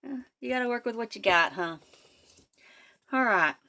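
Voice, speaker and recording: A woman's voice: fairly high pitch, animated, normal speed, bright, forceful tone. A woman vlogger chatting casually while she works on a craft project. She talks to herself and her materials, sometimes dropping to a near-whisper. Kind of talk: casual crafting tutorial chat.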